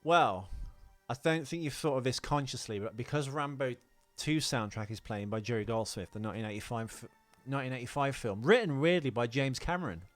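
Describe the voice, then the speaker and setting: A man's voice: mid-range voice, a little fast, hardly any pauses, dry recording, soft background music. A man co-hosting a podcast in casual chat, talking about films and acting out quoted lines. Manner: chatty film buff, acts out quoted lines. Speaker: podcast co-host.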